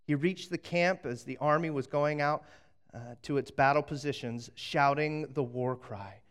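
A pastor with a smooth, medium-pitched voice preaches a sermon, telling a story with lots of energy. He acts out different voices and frequently restarts his sentences.

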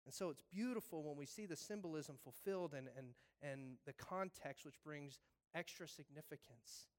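Animated high-voiced male preacher. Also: normal speed. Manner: animated, acts out voices of biblical figures. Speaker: pastor. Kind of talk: sermon.

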